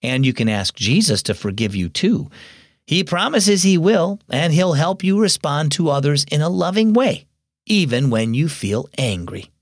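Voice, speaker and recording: A man reading the part of a patient mother who gently teaches her daughter in a radio story. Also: a little high, big pitch swings, normal speed, no room sound, studio quality. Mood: gentle. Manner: gentle, instructive.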